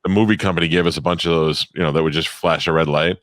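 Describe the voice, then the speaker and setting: A man's voice: sits low, steady tone, a bit bright, no echo. A middle-aged man, a co-host swapping crude stories in casual chat. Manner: fast, crude storytelling.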